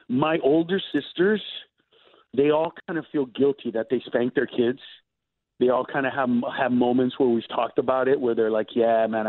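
A man, a stand-up comedian, telling family stories in casual chat, animated and laughing as he acts them out. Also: mid-range voice, no echo. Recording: tinny phone-like dry sound.

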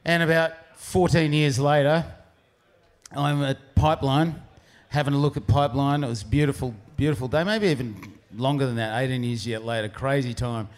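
A man's voice: mid-range voice, fairly even intonation, moderate pace. A man telling a surf story casually, rambling with frequent restarts. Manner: rambling, restarts often, laughs through punchlines. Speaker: pro surfer telling a story.

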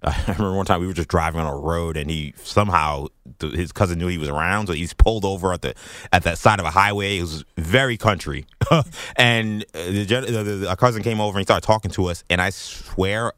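A man's voice: low voice, fast, fairly bright tone, no room sound, studio quality. A man from New York City, co-hosting a casual talk show and telling a self-mocking story. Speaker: co-host. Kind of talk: casual chat.

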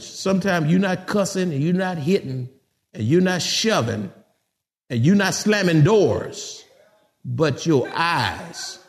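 A middle-aged man preaching a sermon as pastor, talking straight to his congregation in an animated, joking, conversational way. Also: fairly high pitch.

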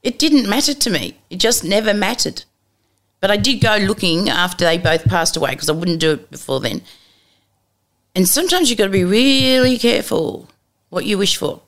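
A woman's voice: mid-range voice, moderate pace. A middle-aged woman telling candid stories as an interview guest, bluntly and with acted-out dialogue. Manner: blunt and lively, acts out dialogue, casual swearing.

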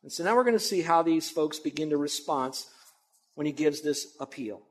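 A man's voice: fairly high pitch, expressive, normal speed. A man pastor preaching a sermon in a conversational, emphatic way with asides to the congregation.

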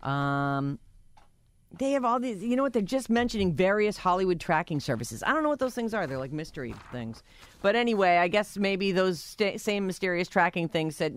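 A woman's voice: fairly low pitch, lively intonation, moderate pace, no echo. A woman hosting a morning radio show, chatty and self-mocking as she reads out the news. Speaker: radio host. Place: radio studio.

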